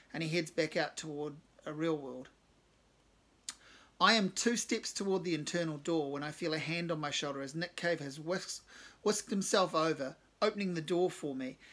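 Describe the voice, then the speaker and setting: A man's voice: fairly high pitch, a bit bright. A man reading his own first-person short story, with wry, self-deprecating asides.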